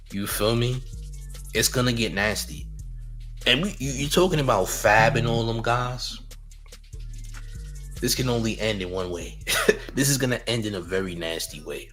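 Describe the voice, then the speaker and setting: A man's voice: fairly low pitch, bright, forceful tone. A young man hosting a livestream commentary show, reading chat and boasting and trash-talking in a repetitive way, with laughs between lines. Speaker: YouTube commentary host.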